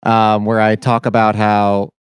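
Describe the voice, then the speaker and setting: A man co-hosting a podcast in casual chat, with low-key, wry asides. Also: completely flat delivery, a little slow, clear, resonant tone, dry recording. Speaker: podcast co-host.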